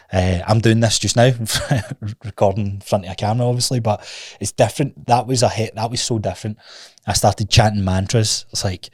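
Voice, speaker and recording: A man's voice: lowish voice, a little mellow, no room sound, studio quality. A man hosting his own podcast, telling a personal story in a candid, rambling way, restarting sentences and swearing casually. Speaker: podcast host. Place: recording studio.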